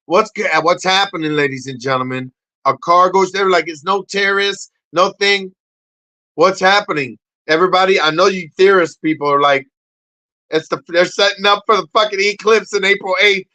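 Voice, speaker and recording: A middle-aged man hosting a casual livestream. He shouts greetings and shout-outs to viewers, then drops into low, quiet asides. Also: normal speed, no room sound, rough recording. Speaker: livestream host.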